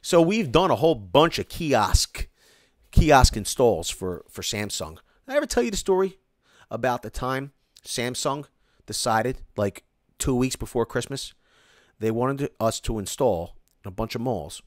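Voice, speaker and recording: Animated man hosting a live stream. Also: mid-range voice, measured pace, dry recording, studio quality. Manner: animated, ranting, reads comments aloud. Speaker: live-stream host reading viewer comments. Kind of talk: casual live-stream chat.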